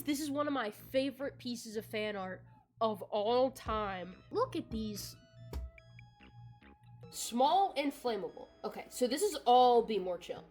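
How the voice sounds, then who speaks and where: A young woman in her twenties with a fairly high voice talks through old musicals in casual commentary, jumping between dry sarcasm and excitable bursts. She swears freely, and faint music plays underneath her. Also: moderate pace. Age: 20s. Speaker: YouTuber.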